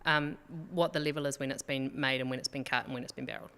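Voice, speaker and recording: A woman's voice: rumbling low, steady tone, quick pace, bright, forceful tone, smooth, in a large hall. A woman guest on a podcast, chattily explaining whisky with plenty of ums. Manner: explanatory, chatty, many fillers. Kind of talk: casual chat.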